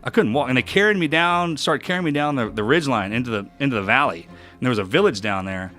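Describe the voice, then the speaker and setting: Fast, emotional storytelling man. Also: mid-range voice, expressive, pushed and bright, soft background music. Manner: vivid, emotional retelling with many restarts. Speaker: podcast guest. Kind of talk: storytelling in a podcast interview.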